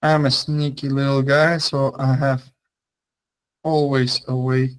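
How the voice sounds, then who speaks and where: A man's voice: mid-range voice, little pitch movement, slow pace, poor audio. A young man teaching an online language class, talking in a loose, chatty way with many fillers and restarts.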